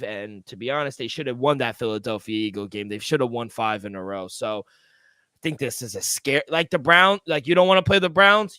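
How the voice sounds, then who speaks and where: A man's voice: medium pitch, bright, forceful tone, clean tone, dry recording. A man co-hosting a sports betting podcast, talking emphatically and swearing freely as he gives his picks. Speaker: co-host.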